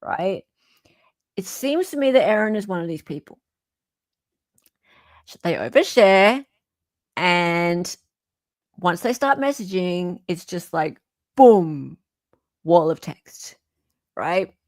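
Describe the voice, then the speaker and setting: Unhurried Australian woman hosting. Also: lowish voice, dry recording, clean studio sound. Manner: chatty and animated, swears casually. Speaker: host. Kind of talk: casual commentary.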